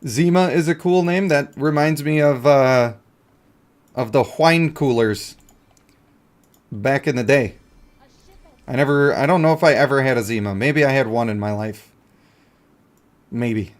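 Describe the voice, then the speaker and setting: A man's voice: mid-range voice, a little slow, long pauses. A male game streamer in casual live-stream commentary, chatty and joking as he talks to himself and his chat.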